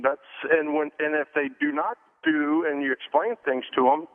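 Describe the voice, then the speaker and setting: A man's voice: on the high side, sing-song, vocal fry. Fifty-something male caller on phone line. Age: 50s. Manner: halting, restarts, folksy. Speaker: radio caller. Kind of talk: call-in conversation.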